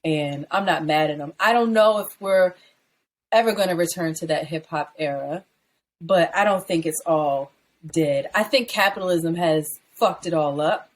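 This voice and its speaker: A woman co-hosting a podcast in casual chat, animated and rambling, swearing freely and jumping up high when she riffs. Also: normal speed. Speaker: podcast co-host.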